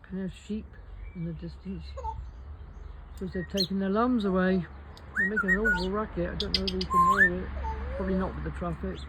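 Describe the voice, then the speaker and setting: A woman's voice: medium pitch, huge pitch swings, fairly quick. A woman chatting casually to her pet parrots in a garden, in a coaxing, sing-song pet-talk manner. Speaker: parrot owner and vlogger. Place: outdoors in a garden. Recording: loud birdsong and traffic outdoors.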